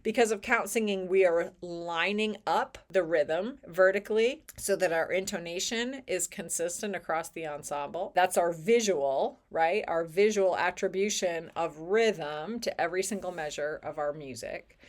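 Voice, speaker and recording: A woman teaching choir technique in an educational video, speaking clearly and with emphasis, sometimes singing short examples. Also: on the low side, moderate pace, hardly any pauses.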